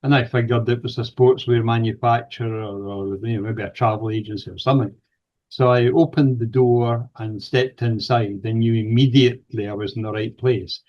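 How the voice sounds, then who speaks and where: An older Scottish man tells a long personal story as an interview guest, pausing on fillers and starting phrases over. His voice sits at an ordinary mid pitch for a man. The audio is slightly dull and lo-fi. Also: fairly even intonation. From Scotland. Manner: hesitant fillers and restarts while recounting dialogue. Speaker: guest, paranormal researcher. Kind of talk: anecdotal storytelling in conversation.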